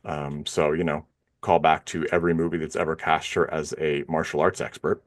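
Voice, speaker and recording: A man's voice: a bass voice, flat delivery, brisk. A man co-hosting a film podcast, talking casually and rambling with frequent fillers and restarts. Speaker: podcast co-host. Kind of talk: casual film review chat.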